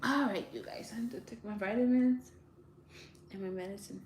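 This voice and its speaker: A woman talking casually to viewers, giving direct, animated advice and laughing often. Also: medium pitch, normal speed, a little hiss or hum. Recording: roomy echo, faint ambience.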